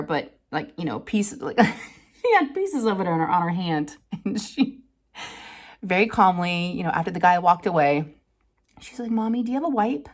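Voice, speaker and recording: A woman, chatting casually to her viewers and telling an animated family story with frequent laughter. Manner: chatty, animated, laughs often, quotes people in higher voices. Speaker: crafting channel host.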